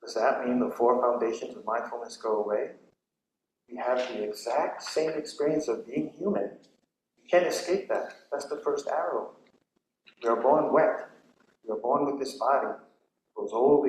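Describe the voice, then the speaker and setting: Male monk, relaxed talk-style sermon, mid-range voice, recorded with hall echo. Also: mid-range voice, moderate pace, a little hiss or hum. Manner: conversational storytelling, many "right?" asides. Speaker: Buddhist monk giving a retreat talk. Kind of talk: dharma talk. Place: temple hall during a retreat.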